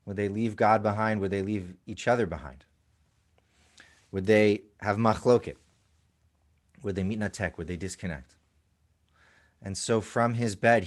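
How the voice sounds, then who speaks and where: A man leading a prayer service, telling a legend in a gentle storytelling sermon with soft hushing sounds. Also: low-pitched.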